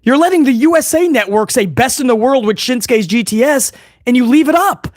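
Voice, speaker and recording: A fairly high-pitched man chats excitedly to his viewers on a live stream, casual and profane, tossing in "bro" and "man." The sound is close and dry, with no room around it. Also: fairly quick, no echo. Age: older adult fan. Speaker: livestream host reacting to wrestling. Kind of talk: live reaction stream commentary.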